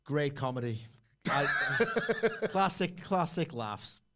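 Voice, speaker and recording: A man's voice: on the high side, sing-song, slow, background noise. A man co-hosting a podcast in casual banter, dry and mock-serious. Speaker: podcast co-host.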